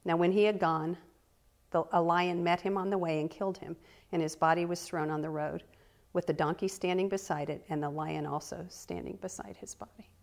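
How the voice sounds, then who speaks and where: A woman teaching the Bible, reading scripture aloud slowly and deliberately, with earnest conversational asides. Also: on the low side, steady tone, gravelly. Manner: reads slowly and deliberately, stressing key words.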